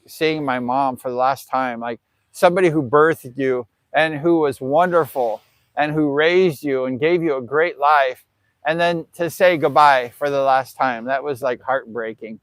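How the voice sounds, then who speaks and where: A man's voice: medium pitch, unhurried, dry recording. An older man from the United States telling personal stories on a livestream, rambling and heartfelt, filling gaps with "like" and "you know.". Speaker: vlogger. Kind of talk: casual personal storytelling on a livestream.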